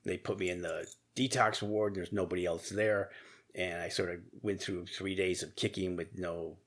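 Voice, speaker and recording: Low-voiced man telling a candid story. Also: little pitch movement, fairly bright tone. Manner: candid, profane, halting with restarts and laughs. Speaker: podcast guest. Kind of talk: casual storytelling interview.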